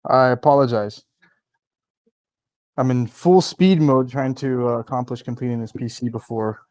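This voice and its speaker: Man chatting while building a pc, mid voice, hurried, dry room. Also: mid-range voice, a little mellow, dry recording. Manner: hurried and easygoing. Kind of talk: casual chat while working.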